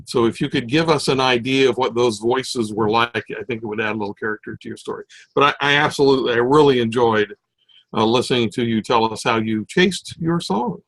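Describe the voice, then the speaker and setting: A man giving a spoken evaluation of a speech over a video call, friendly and halting, with many fillers. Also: mid-range voice, a bit bright, no room sound, poor audio. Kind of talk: online club speech evaluation.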